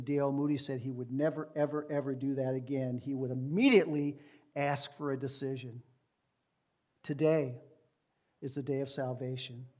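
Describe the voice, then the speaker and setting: A man's voice: on the high side, darkish tone. A man preaching an expository sermon as pastor, speaking with emphasis, repeating key words and reading scripture aloud.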